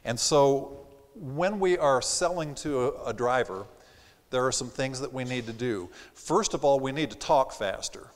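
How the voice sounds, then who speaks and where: A man's voice: mid-range voice, measured pace. Man giving a seminar in a reverberant theater. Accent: slight Southern. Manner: animated, acts out quoted customers. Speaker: sales trainer. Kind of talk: live seminar presentation. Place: theater stage.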